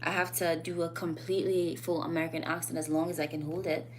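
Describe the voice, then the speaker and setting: Woman ranting on her vlog, kinda low voice, blunt and animated, faint hum behind. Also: fast talker. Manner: blunt, animated, rising to emphatic peaks; loose, rambling phrasing with fillers. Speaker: vlogger. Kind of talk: casual opinion vlog.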